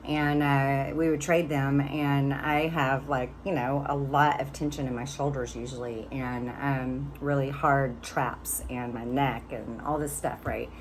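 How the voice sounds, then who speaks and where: A woman in her fifties tells a personal story straight to camera, chatty, candid and casual. Her voice sits low in pitch, and a faint background noise hangs under the recording. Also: little pitch movement, measured pace, few pauses. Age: 50s. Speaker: vlogger.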